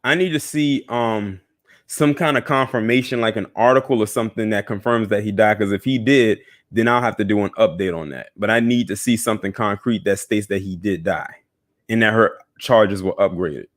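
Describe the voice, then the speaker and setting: A young adult man hosts a casual news commentary show in a lowish voice at normal speed. He's animated, addresses viewers directly, and tosses in scoffing asides.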